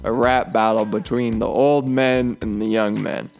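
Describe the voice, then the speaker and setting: A man's voice: fairly low pitch, steady tone, unhurried, gravelly, a little mellow. A man casually commenting while playing a video game, amused and laughing often. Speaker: let's player. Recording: faint game music behind.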